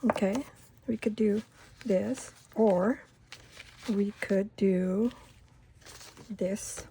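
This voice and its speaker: A middle-aged woman hosting a crafting video, chatting unhurriedly and rambling through a story while she works, sometimes going soft and near-whispery. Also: medium pitch, steady tone, drawn-out words, slight background noise. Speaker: craft channel host. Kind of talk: casual crafting tutorial chat.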